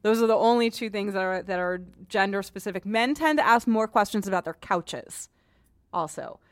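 A podcast host who writes a cleaning advice column chats casually, frank and joking, often restarting her sentences. Her voice sits in the mid-range at a normal speed. The studio-quality recording is dry.

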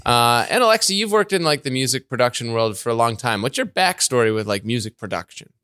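A man hosting a podcast, chatting casually and telling animated stories, often laughing and acting out voices. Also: mid-range voice, fast, clean tone, dry recording, studio quality. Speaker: podcast host. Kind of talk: casual chat.

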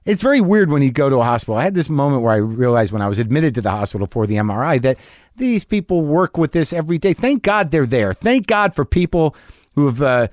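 A man's voice: on the high side, dry recording, studio quality. A middle-aged man hosting a podcast, telling a long story in an anxious, self-mocking way. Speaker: podcast host. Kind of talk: monologue.

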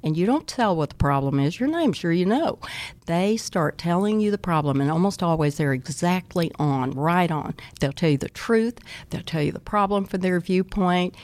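Middle-aged woman, educator guest, low-pitched, animated, slips into soft whispers when quoting kids. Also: moderate pace. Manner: animated, acts out children's and teachers' lines in soft whispers. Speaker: early childhood educator. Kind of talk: interview guest explaining teaching methods.

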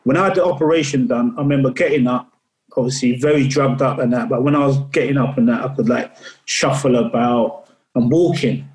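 A man's voice: medium pitch, brisk, a little mellow, reverberant, low-quality recording. A man guest in a casual interview, telling a personal story earnestly, often repeating his words.

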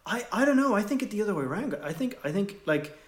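A man in casual comedic chat, agreeable and quick to chime in. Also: high-pitched, sing-song. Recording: roomy echo.

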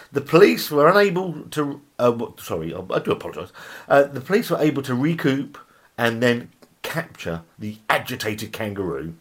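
A man reads bizarre headlines for his comedy podcast, his pitch bouncing all over the place. He trips over words, cuts in with asides and swears freely. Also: big pitch swings, normal speed, slightly rough. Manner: reads headlines aloud, breaks off to laugh and riff; stumbles over words and apologises. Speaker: podcast host. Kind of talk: comedic news reading.

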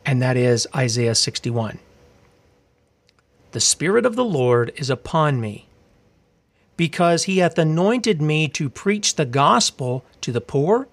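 A male preacher delivers a fiery sermon in a voice pitched a little above the usual. He challenges his listeners with pointed rhetorical questions and reads scripture aloud between his exhortations. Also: big pitch swings, takes it slowly.

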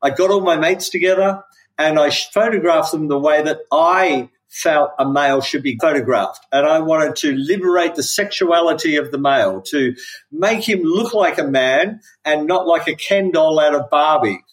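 Middle-aged aussie guy telling his founder story, a bit higher voice, acts out the people he quotes. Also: moderate pace, poor audio. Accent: Australian. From Australia. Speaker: company founder, podcast guest. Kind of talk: storytelling in an interview.

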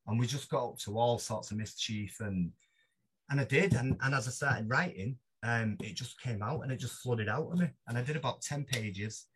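A man with a Mancunian accent chats as a podcast guest, slightly husky and mid-pitched. He tells his stories in a rambling, self-deprecating way, stopping and restarting his sentences as he goes. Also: moderate pace, fairly bright tone. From Manchester, England. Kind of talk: casual interview chat.

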